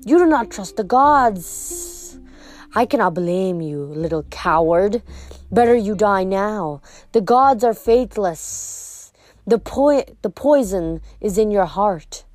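A woman voicing a cruel monstrous snake-woman mother, speaking slowly with a hissing, rasping edge. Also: medium pitch, lively intonation, darkish tone, no room sound. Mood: taunting. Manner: slow, drawn-out taunting.

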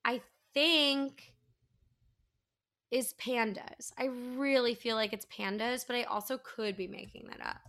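A woman co-hosting a podcast in casual chat, animated and joking with dramatic flair. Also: on the high side, unhurried. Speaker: podcast co-host.

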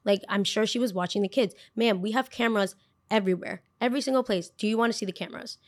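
Woman playing a firm daycare owner, matter-of-fact, steady, plain voice. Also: medium pitch, fast, close to an everyday voice.

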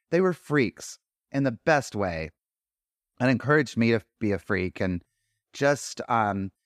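A man's voice: mid-range voice, no room sound, clean studio sound. A man hosting a podcast in a casual solo monologue, rambling and candid, breaking off his own sentences and tossing in wry, outspoken asides. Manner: rambling, candid, self-interrupting. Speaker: podcast host.

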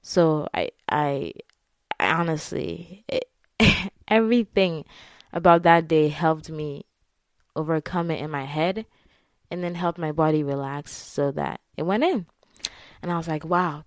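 A woman's voice: sits low, measured pace, pauses often, dry recording, clean studio sound. A young woman telling a personal story to her viewers in a candid, chatty way, with frequent laughs and filler words. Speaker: vlogger. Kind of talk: casual confessional storytelling to camera.

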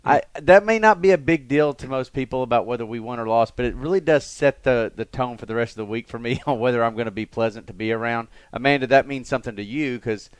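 A man hosting a podcast in casual, rambling chat with the odd laugh. His voice is smooth and clear at a middle pitch. The sound is dry and close, recorded in a studio. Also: fast talker, hardly any pauses, dry recording. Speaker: podcast host. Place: radio studio.

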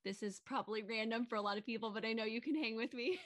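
A woman's voice: on the high side, steady tone, fast talker, fairly bright tone, no echo, clean studio sound. A woman hosting an interview, affirming her guest and asking reflective follow-up questions. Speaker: podcast host. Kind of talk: interview conversation.

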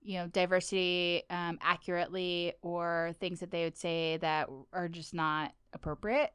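Chatty woman with a smooth voice. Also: on the low side, level tone, moderate pace, fairly bright tone, dry recording, studio quality. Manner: chatty, giggly, lots of "like". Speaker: podcast co-host. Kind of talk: casual podcast chat.

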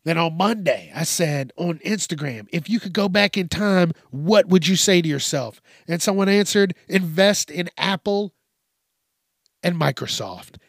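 A man's voice: high voice, lively intonation, measured pace, creaky, no room sound, clean studio sound. A man hosting a casual solo podcast, talking loosely, swearing and drifting between topics with frequent restarts. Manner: frequent restarts and repeated words. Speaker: podcast host.

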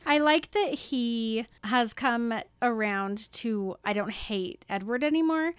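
A woman's voice: on the high side, slow, clean tone, no room sound. A woman co-hosting a casual book podcast, adding wry comments and laughing often. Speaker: podcast co-host. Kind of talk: casual book recap chat.

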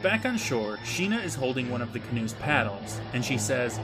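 A man's voice: medium pitch, very animated, normal speed, over music. A man co-hosting a podcast, retelling a TV episode's plot in casual chat with wry, joking asides. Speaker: podcast co-host.

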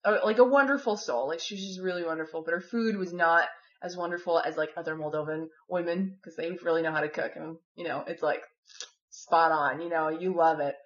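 A woman's voice: lowish voice, steady tone, brisk. Chatty woman rambling through a story. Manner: rambling, heavy use of "like" and "you know". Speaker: former volunteer living with a host family. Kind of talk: casual personal storytelling. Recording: dull, echoey room recording.

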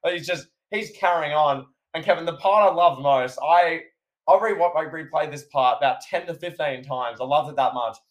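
A man's voice: fairly high pitch, moderate pace. A man co-hosting a podcast, recapping a wrestling match in casual chat and acting out the commentators' lines. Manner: animated, acts out commentators' lines. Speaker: podcast co-host.

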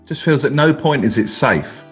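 Man co-host, husky voice, dry teasing asides, swooping pitch. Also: animated, normal speed, a bit bright, soft background music. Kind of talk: casual banter.

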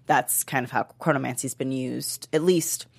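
A woman's voice: very deep voice, steady tone, normal speed, creaky, breathy edge. A woman co-hosting an aftershow, chatting casually and explaining at length with plenty of fillers. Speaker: aftershow co-host. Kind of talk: casual chat.

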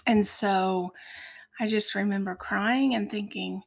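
A woman from Ohio, a podcast guest, tells her faith story in an earnest, heartfelt way with many pauses. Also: mid-range voice, steady tone, vocal fry. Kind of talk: personal faith testimony.

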